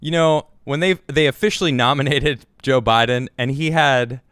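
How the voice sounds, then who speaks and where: A man's voice: mid-range voice, moderate pace, fairly bright tone, smooth, no room sound, studio quality. A man hosting his own show, giving a rambling, sarcastic political commentary monologue full of restarts. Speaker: show host.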